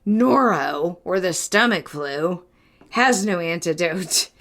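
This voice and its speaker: A woman's voice: fairly low pitch, expressive, slow, a bit bright. A young adult woman co-hosting a podcast, reading an article aloud and breaking off for jokes and laughs. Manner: reads aloud with joking asides and laughs. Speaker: podcast co-host.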